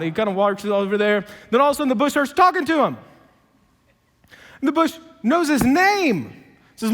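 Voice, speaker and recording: A male pastor preaches with lively, humorous storytelling. His voice sits high for a man. The sound carries the long reverb of a large church auditorium. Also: normal speed, long pauses. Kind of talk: sermon.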